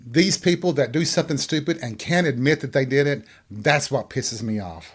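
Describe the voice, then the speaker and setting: A man's voice: medium pitch, normal speed, husky. A man hosting his own show, ranting crudely and sarcastically. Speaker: podcast host. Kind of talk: profane comedic rant.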